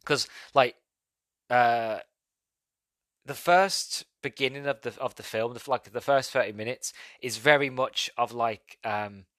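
A man's voice: mid-range voice, a little slow, fairly bright tone, no room sound. A man hosting a podcast, reviewing a film in casual, rambling talk that goes off on tangents and breaks into laughs. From Britain. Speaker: podcast host.

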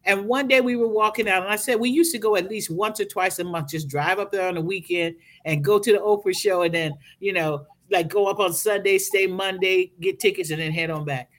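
A woman's voice: medium pitch, brisk, few pauses. A middle-aged woman with a Southern American accent, speaking as a podcast guest in a casual, motivational, preacherly way. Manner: expressive, acts out quoted speech, preacherly.

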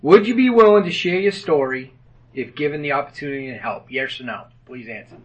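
A man's voice: fairly high pitch, brisk, rough recording. Joking man leading a men's group. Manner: folksy and joking, with many fillers. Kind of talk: casual meeting address. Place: meeting room with tables.

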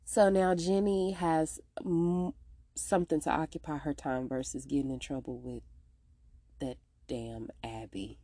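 A woman hosting a podcast, casually recapping a TV episode in a slangy, animated way and acting out the characters' lines. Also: measured pace, dry recording, clean studio sound. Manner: animated, slangy, acts out characters' lines with big pitch jumps.

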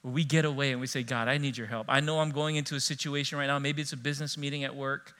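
A middle-aged man, a pastor preaching a sermon in church, animated and conversational, telling stories with asides to the congregation. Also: mid-range voice, fast, smooth.

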